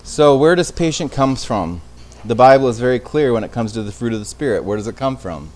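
A man's voice: medium pitch, lively intonation, a little fast, a little mellow. A man teaching an informal Bible study in a conversational way, often restarting phrases and checking in with his listeners. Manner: conversational, with frequent restarts and tag questions.

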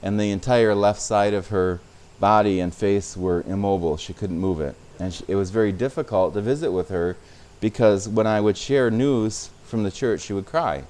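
A man's voice: lowish voice, moderate pace, hardly any pauses, a little mellow. A man preaching a sermon as a pastor, speaking conversationally and sometimes repeating words.

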